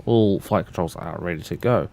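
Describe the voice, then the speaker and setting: A man's voice: sits low, normal speed, darkish tone. A man livestreaming, talking through cockpit steps and chatting loosely with his viewers, often restarting his sentences. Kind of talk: casual livestream commentary.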